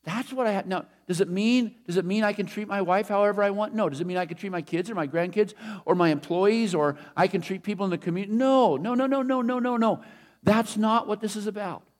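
A man's voice: high-pitched, quick pace, hardly any pauses. A middle-aged man preaching a sermon in a conversational, emphatic way, repeating his key phrases. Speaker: pastor.

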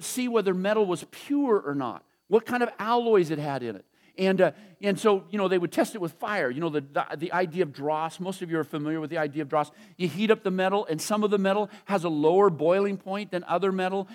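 High-voiced man preaching a folksy sermon. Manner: conversational storytelling preacher, chuckles often, slows down to stress points. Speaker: pastor.

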